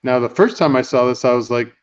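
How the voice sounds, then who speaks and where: A man chats casually as a podcast host, recounting a movie scene in a loose, rambling way full of "uh"s. His voice sits at an ordinary middle pitch. The recording is dull and lo-fi. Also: brisk. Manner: rambling, with many fillers and acted-out quotes. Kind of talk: casual chat retelling a film scene.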